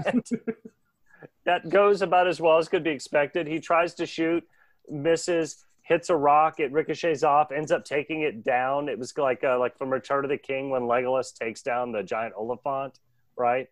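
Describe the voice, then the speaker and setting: Animated podcast host, dry close sound. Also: male voice, a little high, no room sound. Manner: animated, laughing, doing quick voices. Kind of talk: casual chat recapping a cartoon.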